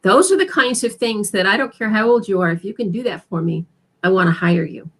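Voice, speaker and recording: Animated female career coach. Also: medium pitch, a little fast. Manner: animated, acts out example phrases. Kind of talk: interview conversation.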